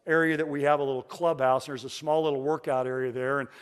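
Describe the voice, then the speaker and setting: A man's voice: mid-range voice, steady tone, fast, clear, resonant tone, long reverb tail. A man preaching a sermon as pastor, earnest, repeating key phrases for emphasis with touches of humor.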